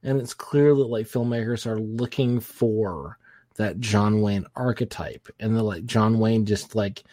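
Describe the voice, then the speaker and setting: A man co-hosting a podcast, chatting casually about old films, rambling through lots of fillers and breaking into animated mock impressions. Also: fairly low pitch, a little slow, dry recording. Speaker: podcast co-host. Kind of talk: casual film-review chat.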